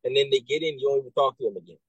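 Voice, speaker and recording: A man working as a military recruiter, talking casually and telling animated stories with many restarts and asides. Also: medium pitch, rapid-fire, husky, no echo, highs cut off. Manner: animated storyteller, acts out quoted voices, many restarts and "right?". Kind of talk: casual conversation.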